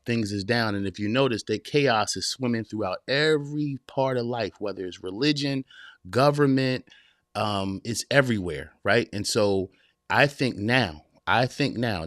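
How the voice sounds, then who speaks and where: A man's voice: fairly low pitch, dry recording. Preachy man in his forties, dry close mic. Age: 40s. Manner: preachy, direct address with repetition; casual, addresses listeners as y'all and man. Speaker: podcast host. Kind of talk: live-streamed motivational podcast talk.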